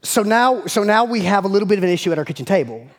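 A man, preaching a sermon and telling a family story in a folksy, animated way. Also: high voice, very fast. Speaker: pastor.

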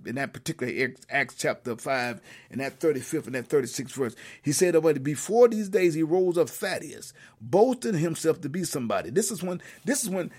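A man's voice: a little high, a little mellow, slightly rough. A man preaching a sermon with fervor, repeating himself and calling out to his listeners. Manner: fervent, repeats and restarts, calls out to listeners.

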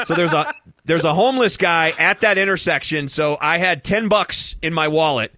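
A man's voice: a little high, normal speed, pushed and bright, dry recording. A man hosting a talk radio show, chatting casually with rambling fillers and restarts into a studio microphone.

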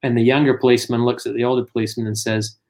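A middle-aged man tells stories in a relaxed conversational way, slipping into the voices of the people he quotes. His voice sits at an ordinary pitch for a man. He keeps a steady, chatty flow. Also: racing. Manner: animated anecdotes, acts out quotes. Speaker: guest. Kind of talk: casual storytelling.

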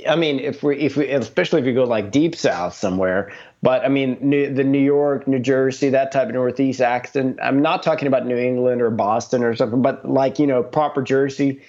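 Relaxed Swedish man, slightly dull sound. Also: medium pitch, brisk, hardly any pauses. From Stockholm, Sweden. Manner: relaxed, many restarts, calls people "man" and "dude". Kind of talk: casual chat.

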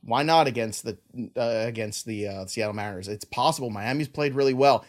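A man hosting a sports podcast, casually running through stats and betting picks. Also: medium pitch. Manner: quick run-through of stats, laughs easily. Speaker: podcast host.

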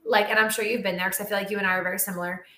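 A woman who trains dogs and animal talent, telling a story in a casual interview with animated, chatty energy and lots of "like.". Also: medium pitch, racing. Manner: animated, chatty, heavy use of "like". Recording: roomy echo.

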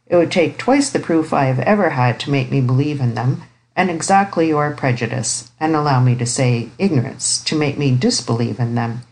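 A woman reading the part of a stern, ironic elderly uncle in an audiobook, speaking gravely and precisely. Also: rumbling low, normal speed, a little mellow, low-quality recording.

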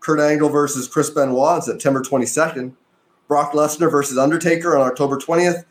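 Man reading results in a steady voice. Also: on the high side, a little fast. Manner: steady, matter-of-fact listing. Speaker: podcast co-host.

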